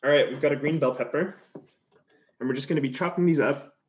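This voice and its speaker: A man's voice: fairly high pitch, a little fast. A male chef giving a cooking demonstration, explaining each step in an easygoing, chatty way as he chops vegetables in a kitchen. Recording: slightly dull sound with faint noise.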